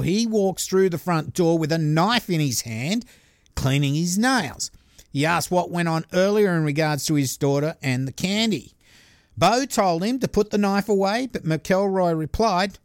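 A man's voice: fairly high pitch, no echo, studio quality. Chatty Australian man telling a crime story. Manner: chatty, with laughing asides. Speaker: podcast host. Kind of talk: casual true-crime storytelling.

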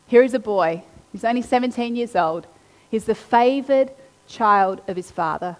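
A woman preaching a sermon, reading scripture aloud and then retelling it with animated, acted-out quotes. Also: a little high, normal speed. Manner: animated storytelling, acting out quotes. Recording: long hall reverb.

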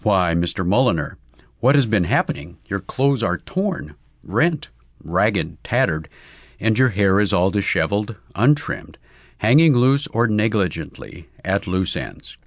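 A man voicing a gentle, sympathetic young Englishwoman who talks in strings of synonyms, in a storybook reading. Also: lowish voice, sing-song, unhurried, dry recording. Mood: earnest. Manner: earnest, piling up synonyms.

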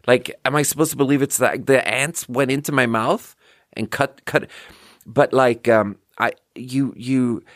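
A man's voice: mid-range voice, steady tone, measured pace, fairly bright tone, no room sound, clean studio sound. Swearing, self-mocking man in his thirties. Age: 30s. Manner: self-deprecating, swears freely, jumps between thoughts. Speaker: podcast host. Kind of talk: casual comedic rant.

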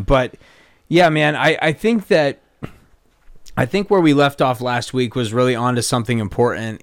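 Man, podcast host, mid pitch, rambling, profane, lots of fillers, dry close sound, home studio. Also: clean tone, no room sound. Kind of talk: casual podcast chat.

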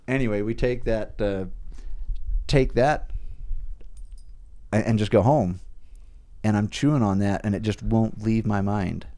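A middle-aged man casually telling a personal story on a podcast, animated and acting out his own past thoughts. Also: fairly low pitch, measured pace, long pauses. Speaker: podcast guest, horse trainer.

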